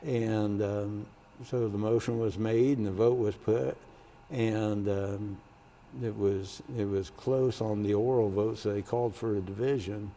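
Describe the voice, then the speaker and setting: A man's voice: lowish voice, steady tone, a little slow, a little hiss or hum. An older man, a former state senator, telling stories from his career in an oral history interview. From Kansas, United States. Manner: storytelling, acts out quoted voices loudly.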